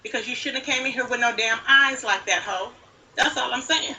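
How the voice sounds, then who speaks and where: Angry woman streamer scolding hard, cursing every line; bright, distant recording with faint noise. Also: fairly high pitch, brisk. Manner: heavy cursing, confrontational, scolding. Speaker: livestreamer. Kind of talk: angry livestream rant. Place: played back from another live stream. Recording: bright clip with background noise, far from mic.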